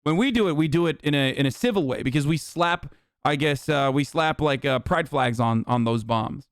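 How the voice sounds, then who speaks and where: A man tears into a topic on his stream with heated, profanity-laced commentary. His voice sits fairly high for a man. The sound is close and dry, with no room echo. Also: normal speed. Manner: profane, angry ranting.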